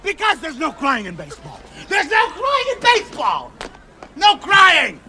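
An actor playing a gruff, washed-up baseball manager who scolds and yells at his players in a film scene. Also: very high voice, huge pitch swings, a little slow, a crowd in the background, heavily acted. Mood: berating. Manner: yelling, scolding. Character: gruff hot-tempered washed-up baseball manager, middle-aged man.

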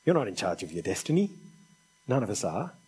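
Earnest, slightly husky male preacher. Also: fairly low pitch, big pitch swings, fairly quick, darkish tone, rough recording. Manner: earnest, pleading, conversational asides. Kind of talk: sermon.

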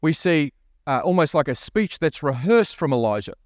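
Man preaching a sermon, higher-pitched, dry sound with no room echo, engages listeners with questions. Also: big pitch swings, normal speed. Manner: preaching with rhetorical questions to the congregation; reads scripture aloud, voicing the prophet's lines. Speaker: pastor.

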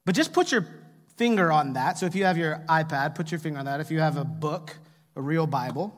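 A man's voice: fairly high pitch, brisk. A middle-aged man preaching a sermon as pastor, telling humorous family stories and asking the congregation to answer. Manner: humorous storytelling, asks the congregation for replies. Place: church hall with long reverb. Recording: echoey church hall.

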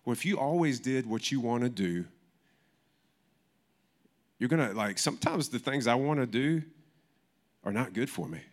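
A man's voice: mid-range voice, expressive, normal speed, long pauses. A man preaching a sermon in church in a casual, conversational way, often restarting his sentences. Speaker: pastor.

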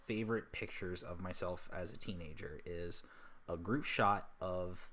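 A man co-hosting a podcast, relaxed and casual, often chiming in with short agreements. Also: low voice, unhurried, slight background noise. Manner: laid-back, chimes in with short agreements. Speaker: podcast co-host. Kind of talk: casual chat.

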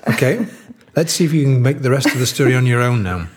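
A man's voice: mid-range voice, lively intonation, quick pace. A man co-hosting a podcast in casual chat, joking and rambling. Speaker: podcast co-host.

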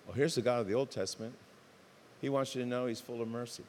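A man preaching a sermon as pastor, impassioned, swinging from loud emphatic outbursts to soft earnest tones. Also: medium pitch, fairly even intonation, fast talker, slight background noise. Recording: reverberant hall.

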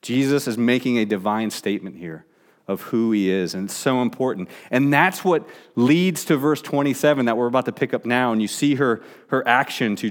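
A middle-aged man preaching a sermon in a conversational way, with frequent fillers and restarts. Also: medium pitch. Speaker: pastor.

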